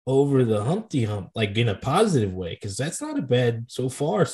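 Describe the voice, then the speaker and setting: Male co-host, relaxed and chatty, drifts between tasting notes and game talk. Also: mid-range voice, moderate pace. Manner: easygoing, rambling, tasting-note descriptions. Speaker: podcast co-host. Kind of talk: casual chat about sports and whiskey tasting.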